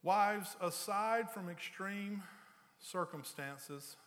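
A man preaching a sermon, telling stories with rising energy and then dropping low and slow for serious points. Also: big-room sound. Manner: storytelling, builds loud and high for anecdotes, drops low and slow for serious points. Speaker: pastor.

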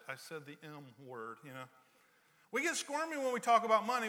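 A man's voice: high-pitched, bright, forceful tone, big-room sound. A man preaching a conversational sermon as a pastor, telling everyday stories with playful sarcasm. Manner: joking storyteller, playful sarcasm.

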